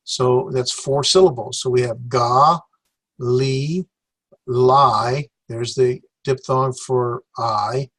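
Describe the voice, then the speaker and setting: A male teacher walks a class through Greek words at a slow, unhurried pace, his voice sitting at an ordinary middle pitch. He talks with plenty of fillers and stops now and then to correct himself. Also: a bit bright. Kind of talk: classroom lecture.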